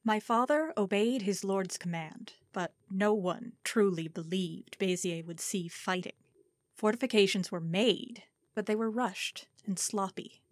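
A woman narrating historical fiction in a measured, formal storytelling manner. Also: medium pitch, no echo. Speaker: audiobook narrator.

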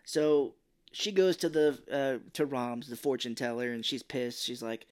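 Speaking at medium pitch and normal speed, this man co-hosts a podcast and casually recaps a movie. He's animated, performing characters' lines and cursing freely.

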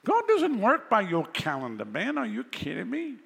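A man's voice: high voice, huge pitch swings, normal speed, vocal fry, a bit bright, breathy edge, long reverb tail. A male pastor preaching a sermon in a conversational way, with sarcastic asides.

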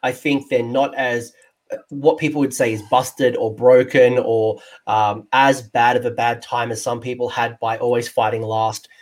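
A man with an Australian accent hosting a casual podcast chat as a tabletop game coach, jokey and excitable. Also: mid-range voice, moderate pace.

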